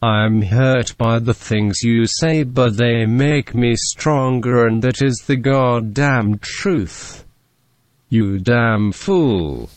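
A text-to-speech male robot voice slowly reading out crude insults in a flat, stilted monotone. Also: medium pitch, dry recording. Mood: rude.

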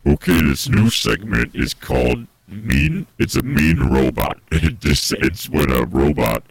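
A man's voice: rumbling low, sing-song, a little slow, creaky, breathy edge, no room sound. A man co-hosting an improvised comedy radio bit, talking casually and hesitantly.

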